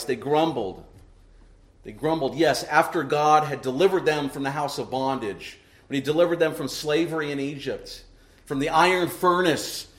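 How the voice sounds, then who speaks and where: A middle-aged man preaching a sermon to his congregation, emphatic and full of rhetorical questions tagged with "right?". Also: mid-range voice. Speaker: pastor. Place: church sanctuary. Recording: echoey church room.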